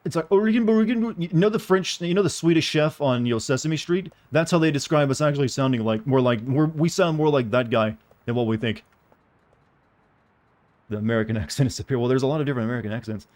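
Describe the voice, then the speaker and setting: A man's voice: mid-range voice, darkish tone. Rambling joking male game streamer. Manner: rambling, joking, answers chat questions. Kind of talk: casual gameplay commentary.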